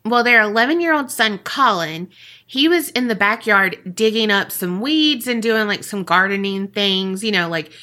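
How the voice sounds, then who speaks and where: A woman's voice: mid-range voice, animated, normal speed, pushed and bright. A woman co-hosting a podcast, telling a story in casual, profane chat full of "like" and "you know", often giggling. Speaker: podcast co-host.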